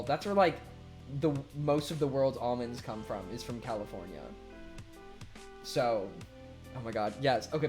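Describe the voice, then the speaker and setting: A young man streaming live, reading viewer messages aloud and chatting casually, laughing often and swearing freely. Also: a little high. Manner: laughs often, loose and swearing, voice swings from loud to mumbled. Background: faint music.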